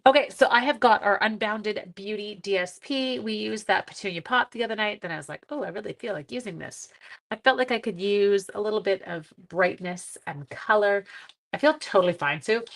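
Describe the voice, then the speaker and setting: A woman's voice: medium pitch, brisk, a bit bright. Woman from Canada, stuffy-nosed craft host, chatty and giggly with rambling asides, live demo. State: congested. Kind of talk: live card-making demo and chat.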